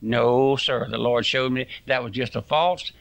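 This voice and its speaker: A man's voice: mid-range voice, fairly even intonation, measured pace, vocal fry, no room sound. A man preaching a fiery radio sermon, impassioned and folksy, full of homespun sayings.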